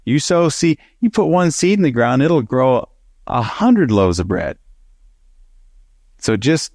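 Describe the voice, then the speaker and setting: A man teaching a Bible study, telling a personal story with lively acted-out dialogue and frequent laughter. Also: medium pitch, a little slow, pauses often, no echo, clean studio sound. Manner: animated storyteller who acts out dialogue and laughs.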